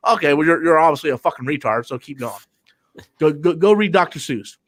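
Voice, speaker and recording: Young guy with a high voice going off on a live stream, cussing a lot, tripping over his words. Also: expressive, brisk, a bit bright. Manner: heated, profane ranting with stammered repeats. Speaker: show host. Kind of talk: live online discussion.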